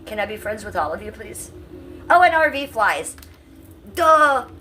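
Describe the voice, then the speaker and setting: A woman's voice: medium pitch, very animated, moderate pace, a bit bright, recorded from a distance, poor audio. A woman in her fifties from Cleveland, casually chatting with her livestream viewers in a salty, talkative way, with an occasional cough. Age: 50s. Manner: chatty, salty, talks to chat. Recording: voice a bit off-mic, faint room hum.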